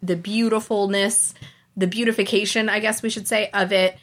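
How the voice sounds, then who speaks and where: A woman co-hosting a relaxed podcast conversation. Her voice sits at an ordinary middle pitch. She gushes, laughs easily and breaks into little acted-out quotes. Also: moderate pace. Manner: gushing, laughs often, acts out quotes. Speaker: podcast co-host. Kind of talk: casual podcast chat.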